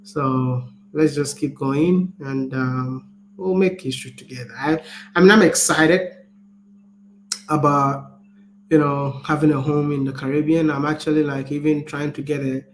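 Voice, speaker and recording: A Ghanaian travel vlogger with a Ghanaian accent chats casually in a fairly high, unhurried voice. He's animated and laughs a lot, often repeating words as he restarts them. The room is echoey, with faint background noise.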